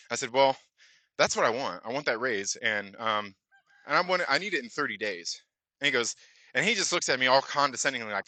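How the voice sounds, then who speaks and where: Fast-talking and expressive, a male channel host with a medium, sharp-toned voice rambles through a casual anecdote. He uses lots of fillers and performs the dialogue, with no echo on the sound.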